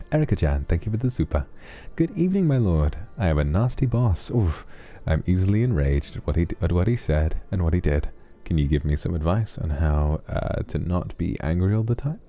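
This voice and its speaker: A male streamer reads viewers' donation messages in a sleepy ASMR style, close to the mic, soft, affectionate and relaxed, with a voice that sits low.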